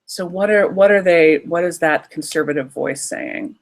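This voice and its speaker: A woman leading a creativity workshop, talking straight to her listeners in a lively, animated way. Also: fairly low pitch, moderate pace, hardly any pauses. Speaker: workshop teacher, creativity coach. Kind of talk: live online workshop talk.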